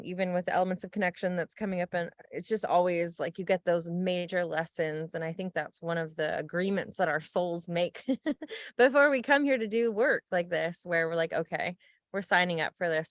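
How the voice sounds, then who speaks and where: Low-voiced woman, dry close sound. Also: steady tone, a little fast, dry recording. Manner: reflective, laughs often. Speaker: podcast co-host. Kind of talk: casual chat.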